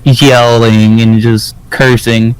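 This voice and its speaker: A man running a tabletop game as game master, narrating in a halting way with many fillers. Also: medium pitch, level tone, clean tone, dry recording, low-quality recording. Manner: hesitant, filler-heavy improvised narration.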